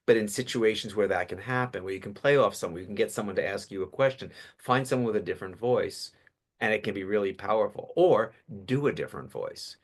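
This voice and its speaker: A man in his fifties, a public speaking coach interviewed as a guest, telling stories with animated delivery. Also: lowish voice. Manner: animated storyteller, acts out voices. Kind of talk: casual podcast interview.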